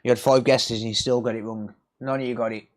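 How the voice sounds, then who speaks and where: A man's voice: mid-range voice, little pitch movement, fast. A man, chatting casually and joking crudely with viewers while doing electronics repair work. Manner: joking, crude banter with chat. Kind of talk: casual live-stream chat while working.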